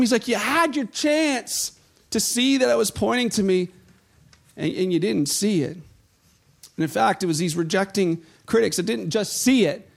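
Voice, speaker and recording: A male pastor delivers his sermon in a high, gravelly voice. He retells the scene with animated storytelling and slips into the voices of the crowd.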